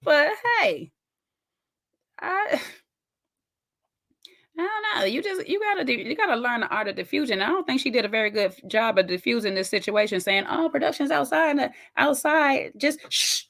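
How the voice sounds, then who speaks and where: A woman with a bright, high voice riffs through casual reaction commentary. She is sassy and emphatic, and she talks directly at the viewer as if they were sitting across from her. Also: animated, normal speed, long pauses. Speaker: reaction video host.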